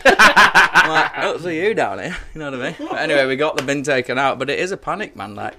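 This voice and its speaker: A man's voice: fairly high pitch, animated, fast, crowd noise. A man who is a guest on a casual podcast, telling rambling anecdotes and swearing freely. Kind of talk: casual storytelling chat.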